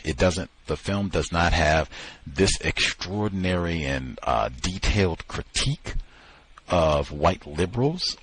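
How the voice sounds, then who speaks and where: A man hosting a study session, talking through a book with musing asides that build into animated emphasis. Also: low-pitched, slightly rough, poor audio. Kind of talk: book discussion talk.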